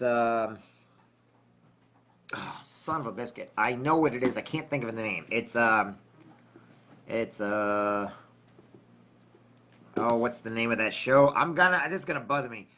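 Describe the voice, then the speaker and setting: A man's voice: mid-range voice, slow pace, pauses often, sharp tone, a little hiss or hum. A middle-aged man hosting a casual livestream, rambling and chatty, often losing his train of thought. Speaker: livestream host.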